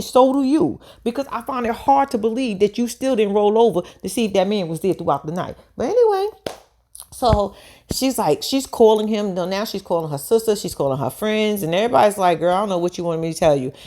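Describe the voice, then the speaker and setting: Woman, casual TV recap, blunt, profane, excitable, mid pitch, home webcam. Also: a little fast. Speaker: reality TV recap vlogger. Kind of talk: casual reaction commentary.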